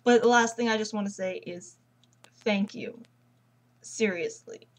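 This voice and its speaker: A woman's voice: medium pitch, a little slow, low-quality recording. Rambling teenage girl gushing about fandoms. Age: teens. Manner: rambling, gushing fangirl chatter. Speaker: vlogger. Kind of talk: casual chat.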